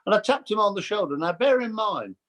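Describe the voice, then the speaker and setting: An older man chatting as a guest, telling lively stories and mimicking voices. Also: high-pitched, brisk. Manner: animated storyteller, mimics voices. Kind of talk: casual chat.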